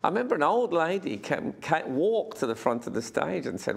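A man's voice: fairly high pitch, big pitch swings, brisk, creaky, breathy edge. A man comedian in a documentary interview, telling a wry story and acting out the quotes.

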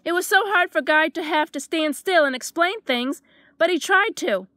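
A woman reading a children's storybook aloud with lively, expressive narration. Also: extremely high pitch, moderate pace, no room sound.

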